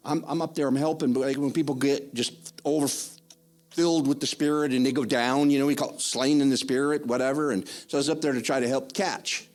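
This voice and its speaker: An older man giving a spoken testimony in church, rambling and excitable, with many restarts. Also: medium pitch, brisk, faint music behind.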